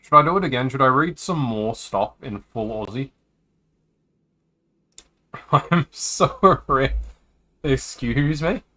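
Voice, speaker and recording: A man reading a visual novel aloud to his stream in a bright, forceful voice. He talks in a casual, joking way and drifts into asides between the lines. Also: medium pitch, animated, slow pace, long pauses.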